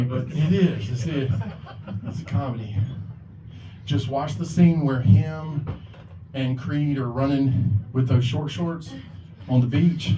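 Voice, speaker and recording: A medium-pitched man hosts an open mic at a bar or club, rambling through a profane stand-up set, swearing a lot and acting out quoted voices. The recording is far off, echoey and lo-fi, with a noisy background.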